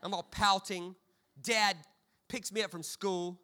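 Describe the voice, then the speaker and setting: Bright, high-voiced preacher telling funny stories. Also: male voice, fairly even intonation, measured pace, clear, resonant tone. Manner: humorous storytelling with stammered repeats. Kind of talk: sermon.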